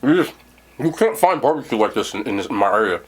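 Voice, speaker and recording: Big pitch swings run through this young man's lowish, breathy voice as he talks fast about food in his casual eating vlog. He's from New Jersey and chatters enthusiastically while chewing.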